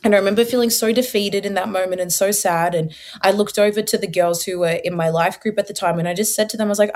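A woman's voice: medium pitch, fast. Earnest young woman telling her story. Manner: earnest storytelling, acts out her own past thoughts in quotes. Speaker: guest. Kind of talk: personal testimony interview.

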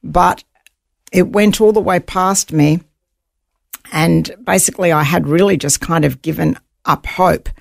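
Woman telling her survival story, gravelly voice. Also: fairly low pitch, a little slow, no echo, studio quality. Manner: animated, vivid retelling. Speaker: guest, author. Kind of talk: interview storytelling.

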